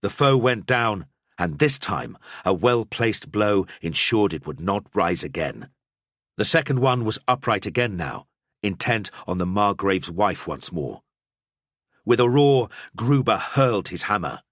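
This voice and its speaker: Lively, bright-voiced male audiobook narrator. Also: lowish voice, measured pace, dry recording, clean studio sound. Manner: dramatic storytelling. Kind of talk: scripted narration.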